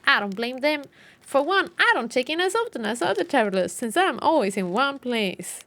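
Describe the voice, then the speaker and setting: A woman reading as a calm alien outpost keeper. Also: high-pitched, moderate pace, exaggerated voice. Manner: reading game dialogue aloud, plain and easygoing.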